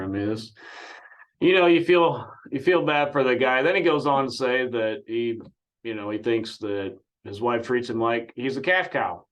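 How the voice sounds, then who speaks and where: A man's voice: medium pitch, normal speed, fairly bright tone. A man giving sarcastic, incredulous reaction commentary on a call-in clip.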